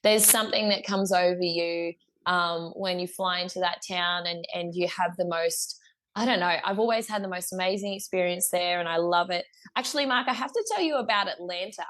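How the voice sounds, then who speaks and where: A woman's voice: fairly low pitch, a little fast, a bit bright. A young woman with an Australian accent, a guest musician telling a story in a casual interview, chatty, laughing often, with lots of fillers and restarts.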